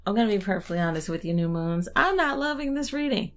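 A young adult woman hosting a casual podcast and doing a tarot reading, chatty and quick to laugh. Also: medium pitch, soft background music. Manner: chatty, laughs often, relaxed and warm-hearted. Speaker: podcast host and tarot reader.

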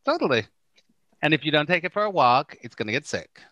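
A man's voice: fairly high pitch, a little fast, no room sound. A middle-aged man, a spiritual teacher and guest, talking casually and acting out the quotes in his stories. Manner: animated storyteller who acts out quoted lines. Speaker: Course in Miracles teacher, podcast guest.

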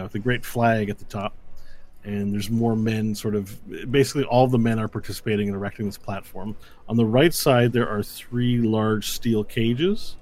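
A man narrating a tabletop game as game master, describing the scene in a relaxed, halting way with pauses and fillers. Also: on the low side.

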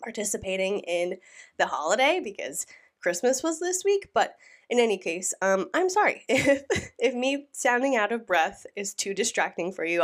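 A woman's voice: medium pitch, sing-song, normal speed. Young woman kinda winded from being sick, rambly chatty reaction host, pokes fun. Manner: rambling, playful and mocking. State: out of breath from a sinus illness. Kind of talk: casual chatty commentary.

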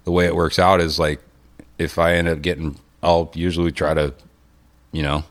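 Very deep-voiced laid-back man. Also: little pitch movement, normal speed. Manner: laid-back, profane, says "dude" often. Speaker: fisherman. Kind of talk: casual chat.

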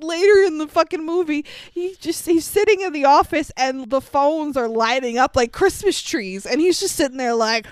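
A woman's voice: high voice, normal speed, hardly any pauses, no room sound. A woman co-hosting a movie review podcast, casual and sarcastic, swearing and laughing often. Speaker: podcast co-host.

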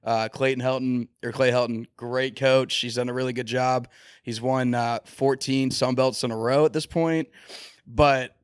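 A man's voice: mid-range voice, steady tone, normal speed, clear, resonant tone, no room sound, clean studio sound. Man rambling through sports hypotheticals. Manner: rambling hypotheticals, acts out quotes. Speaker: podcast co-host. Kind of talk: casual sports chat.

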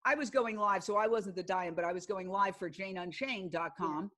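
A woman's voice: medium pitch, moderate pace, pushed and bright. An older woman, a broadcast journalist appearing as a guest, chatting casually on a podcast and telling stories earnestly, acting out what people said. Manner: earnest storyteller, acts out quoted speech.

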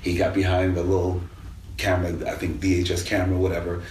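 Deep-voiced guy chatting loosely, sounds far from the mic, echoey room. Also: fast talker. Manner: relaxed, rambling, many restarts. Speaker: guest actor. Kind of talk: casual interview chat. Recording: distant mic in echoey room, faint noise.

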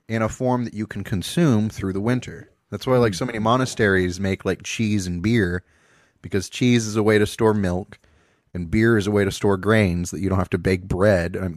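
A man's voice: lowish voice, dry recording. Dry-voiced young man explaining casually. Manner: crude jokes, explaining with asides. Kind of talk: casual podcast chat.

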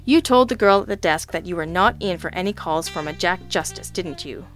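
Narrator voicing a polite, steely male detective, measured and firm. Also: lowish voice, soft background music, close to an everyday voice. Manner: calm, courteous, firm. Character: brisk, polite adult male private detective.

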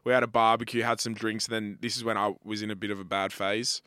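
A man's voice: lowish voice, little pitch movement, fast talker, pushed and bright, smooth, no echo, clean studio sound. A man co-hosting a casual podcast chat, laid-back and swearing freely. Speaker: podcast co-host.

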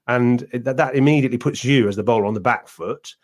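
A man telling stories on a cricket podcast, voice sitting at an ordinary middle pitch. He talks casually and loosely, restarting sentences and drifting into asides. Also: quick pace. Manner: rambling, with many restarts and asides. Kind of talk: casual anecdotal chat.

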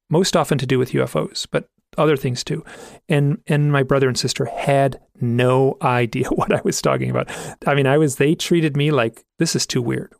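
A man's voice: medium pitch, creaky, no room sound, studio quality. A middle-aged man telling a personal story in an earnest, reflective way, often restarting his sentences. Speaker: speaker telling owl stories.

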